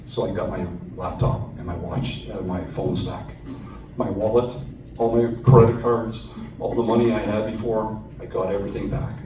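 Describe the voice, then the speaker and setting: A low-voiced man from Canada tells his personal story to a hall audience, earnest and conversational, often restarting his sentences. He is heard from a distance on a phone held out in the crowd. The room rings with echo and there is steady background noise. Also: normal speed, highs cut off. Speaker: speaker recounting his captivity to an audience. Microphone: phone recording from the audience.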